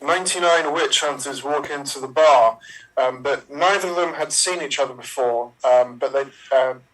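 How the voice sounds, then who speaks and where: In a roughly recorded improv game, a male performer tells joke setups with a medium-pitched, fairly bright voice at a moderate pace. He's hesitant, with ums, stopping to correct himself.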